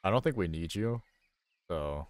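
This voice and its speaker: A man's voice: low voice, lively intonation, unhurried. A young man casually commenting on his own video game stream, rambling and poking fun at himself as he thinks aloud into a desk microphone. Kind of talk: casual live gameplay commentary.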